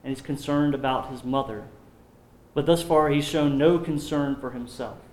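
A man preaching a sermon, slowing down when he reads scripture aloud. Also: mid-range voice, a little mellow, reverberant. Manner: slows down to read scripture aloud.

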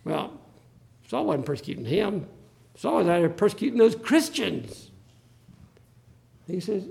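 Male preacher, raised pitch, gravelly edge, dramatic quoting. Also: sing-song, measured pace, long pauses, darkish tone. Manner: dramatic, acts out the Bible quotes. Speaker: pastor. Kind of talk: sermon.

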